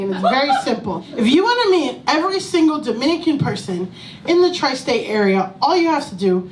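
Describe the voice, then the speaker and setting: Brief: high-pitched female stand-up comic, salty and animated, recorded from a distance in an echoey club. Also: a little fast, background noise. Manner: profane, animated, breaks into laughter. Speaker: stand-up comedian. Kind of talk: stand-up comedy set. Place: small comedy club stage. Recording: echoey room, mic from a distance.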